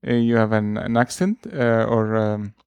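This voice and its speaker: A man's voice: on the low side, steady tone, moderate pace, a little mellow, clean tone, no room sound, muffled recording. Hesitant man explaining, dry sound. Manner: hesitant, many fillers and restarts. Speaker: language teacher. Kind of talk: casual explaining.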